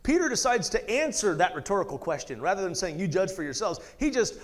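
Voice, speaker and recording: A man's voice: high-pitched, big pitch swings, fast. A man leading a casual Bible study, reading scripture aloud and breaking off for chatty asides. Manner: conversational, laughs often, reads scripture aloud with asides. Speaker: Bible teacher.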